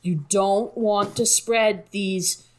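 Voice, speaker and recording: A man putting on the voice of a stiff male TV news anchor with a measured newsreader delivery. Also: high-pitched, fairly even intonation. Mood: mock-serious.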